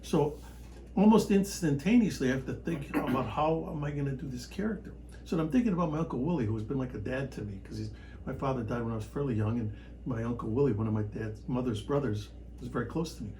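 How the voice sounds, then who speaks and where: A man from the Chicago area talks casually as a podcast guest, with an even, middle-pitched voice. He tells his stories with animation and often jumps into loud, excited bursts. A faint noise sits under the voice. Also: quick pace, low-quality recording. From Chicago area, United States. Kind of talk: casual storytelling chat.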